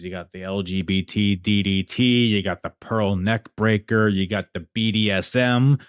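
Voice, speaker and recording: A man's voice: fairly low pitch, no echo, studio quality. A man hosting a podcast, reviewing wrestling shows in a casual, rambling way with many fillers. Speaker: podcast host.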